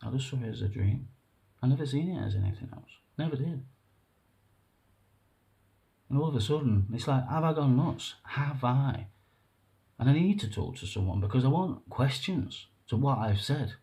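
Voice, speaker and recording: Earnest, halting man with a mellow voice. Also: medium pitch, very animated, gravelly. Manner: rambling, halting, earnest, with nervous laughs. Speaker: vlogger. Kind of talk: emotional personal monologue to camera.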